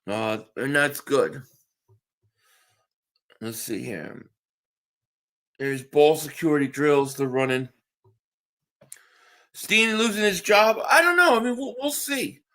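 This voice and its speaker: A man's voice: on the high side, very animated, a little slow, bright, forceful tone. A man hosting a live stream, chatting casually and answering viewers' comments while tired from just waking up. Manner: reads chat aloud and answers viewers, with restarts.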